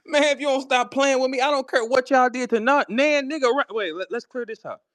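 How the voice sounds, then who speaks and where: Confrontational male host, high-pitched and profane, bouncing between taunts and laughter; dry sound. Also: a little fast, a bit bright, dry recording. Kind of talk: heated live audio chat. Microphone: online audio room.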